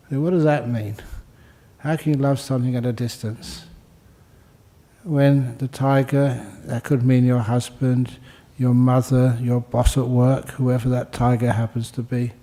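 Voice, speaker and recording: Mellow older monk giving a joking dharma talk. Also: male voice, medium pitch. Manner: joking, conversational, repeats phrases for emphasis. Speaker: Buddhist monk teaching meditation. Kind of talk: dharma talk answering questions.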